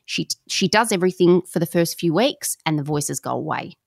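A woman co-hosting a podcast, telling a story in casual, animated chat with slang and the odd swear word. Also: fairly low pitch, moderate pace, creaky, no room sound, clean studio sound. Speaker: podcast co-host.

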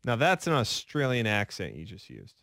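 Male radio co-host, mid pitch, deadpan wisecracks, dry studio sound. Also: moderate pace, gravelly, no echo. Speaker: radio sports talk co-host. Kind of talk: casual sports radio banter. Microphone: studio microphone.

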